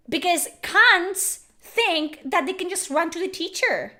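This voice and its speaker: Furious high-voiced woman ranting. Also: lively intonation, measured pace. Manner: furious, profane, yelling. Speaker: YouTuber. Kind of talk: angry rant to camera.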